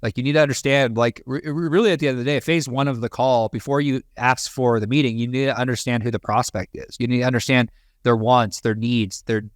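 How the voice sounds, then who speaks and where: A man's voice: mid-range voice, fairly even intonation, a little fast, no room sound, clean studio sound. A man hosting a real estate podcast, talking loosely with many fillers and restarts. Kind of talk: casual coaching chat.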